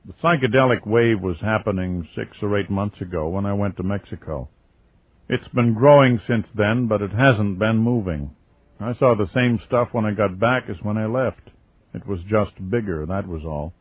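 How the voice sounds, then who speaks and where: A man voicing a soft-spoken, patient country man with a rural American accent, talking calmly and a little cryptically. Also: lowish voice, moderate pace, dry recording, natural voice. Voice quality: soft, quiet. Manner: patient, cryptic, politely calm. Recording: tinny lo-fi phone-like audio.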